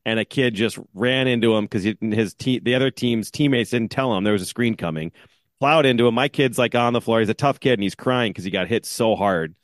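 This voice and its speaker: A man's voice: medium pitch, a little fast, no room sound, studio quality. A man co-hosting a podcast, telling a self-mocking rant in casual chat. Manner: self-mocking, ranting storyteller. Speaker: podcast co-host.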